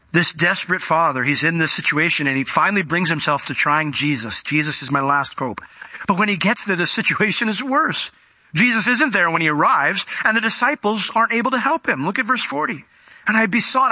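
A man in his thirties preaches with a bright, ringing, forceful tone. He talks conversationally and then pushes into fervent emphasis. The sound is dry and close, with no room around it. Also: high-pitched, no echo. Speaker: pastor. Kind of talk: sermon.

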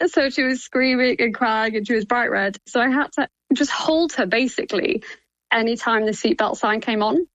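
A woman's voice: fairly high pitch, moderate pace, fairly bright tone, no echo, lo-fi sound. A woman in her thirties chatting casually, laughing often and acting out quoted lines. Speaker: podcast guest. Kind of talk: casual chat.

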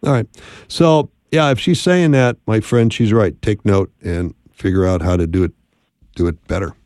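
A man's voice: lowish voice, normal speed, a little mellow, no room sound, clean studio sound. A man hosting a call-in radio advice show, talking in an encouraging, conversational way.

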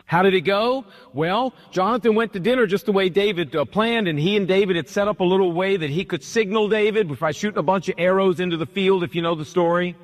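High-voiced preaching man in reverb. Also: brisk, hardly any pauses. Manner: emphatic, repetitive preaching cadence. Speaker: pastor. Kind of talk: sermon.

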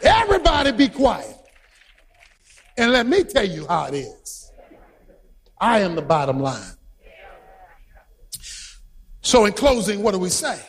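A man preaching a sermon who tells stories with energy, shouts his points and quizzes the congregation. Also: sits high, unhurried, pauses often, slightly rough. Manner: animated storytelling, shouting for emphasis, quizzing the congregation.

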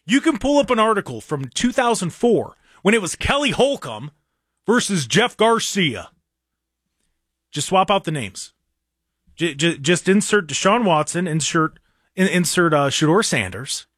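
Worked up guy ranting, stammers, mocks, high voice, dead dry room. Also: sing-song, a little slow, fairly bright tone, no room sound. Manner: exasperated, stammering restarts, mocking. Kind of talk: heated fan rant.

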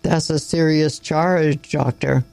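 A man reading a story aloud and voicing a calm older grandfather who speaks low and evenly. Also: fairly quick, dry recording, close to an everyday voice. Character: calm older grandfather, school board head.

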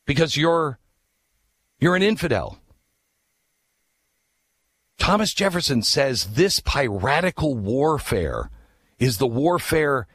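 Emphatic man telling history, lively pitch. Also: slow, pauses often, breathy edge, no echo, clean studio sound. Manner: emphatic, rhetorical questions, swings between low hushed asides and raised urgent lines. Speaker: speaker on history. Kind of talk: impassioned storytelling talk.

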